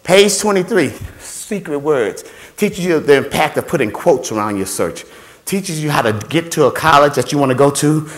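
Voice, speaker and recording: Man, high voice, animated motivational speaker, playful, repeats himself. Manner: playful, repeats phrases, acts out voices and sounds. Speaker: scholarship workshop speaker. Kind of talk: animated motivational talk to students.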